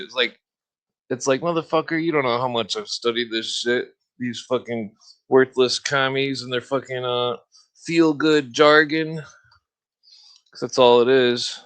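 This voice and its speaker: A man hosting a podcast in a rambling, profane solo rant, heavy on filler words and throat-clearing. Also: mid-range voice, fairly even intonation, unhurried, a bit bright. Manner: mocking sneer when imitating opponents. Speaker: podcast host.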